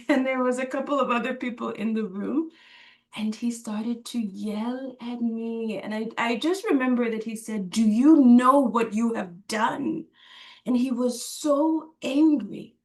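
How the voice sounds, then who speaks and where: A woman's voice: fairly high pitch, gravelly, recorded from a distance. A woman telling a personal story in an interview, emotional and laughing often, with many fillers and restarts. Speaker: interview guest.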